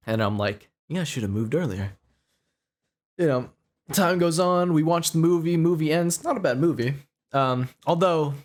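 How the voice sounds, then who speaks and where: A young man co-hosting a podcast, telling a long story in a rambling, profane way full of "you know" and "right?". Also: mid-range voice. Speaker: podcast co-host. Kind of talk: casual storytelling chat.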